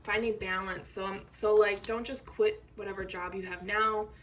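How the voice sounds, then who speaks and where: A woman speaking at normal speed in a medium-pitched, steady voice gives a laid-back tarot reading, talking directly to her viewers with filler words, reassurance and frequent "okay?" check-ins. Faint noise comes through a slightly distant mic.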